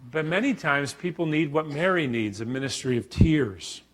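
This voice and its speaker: A middle-aged man delivers a Bible teaching talk in a somewhat high voice. He speaks with animation and breaks into loud bursts as he acts out quotes. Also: expressive, moderate pace. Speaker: professor teaching a church conference session.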